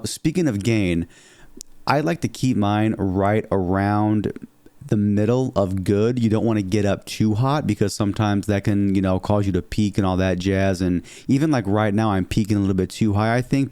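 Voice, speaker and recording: A man talking casually through his microphone settings, full of fillers and little check-ins, with a low, slightly muddy voice. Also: dark tone, clean tone, no echo. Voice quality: lower register, somewhat muddy midtones. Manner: chatty, filler-heavy, keeps saying "okay?" and "here". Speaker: streamer explaining audio settings. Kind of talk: casual tutorial. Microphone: dynamic studio mic, close.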